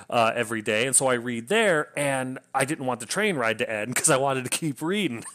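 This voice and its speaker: A man's voice: medium pitch, a bit bright. A man casually reviewing a novel, enthusiastic and rambling, often restarting his sentences. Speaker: book reviewer.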